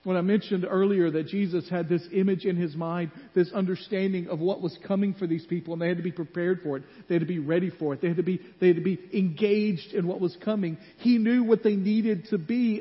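A male pastor preaching a sermon in a church, telling stories and acting out the voices in them. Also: high voice. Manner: animated storytelling, acts out voices in quotes. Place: church sanctuary. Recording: muffled hall with long reverb.

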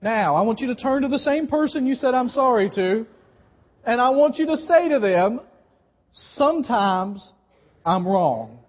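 High-voiced emphatic male preacher. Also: sing-song, unhurried. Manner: emphatic, repeats key phrases, coaches the congregation to respond. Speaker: pastor. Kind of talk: sermon. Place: church sanctuary. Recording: dull live church recording with long reverb.

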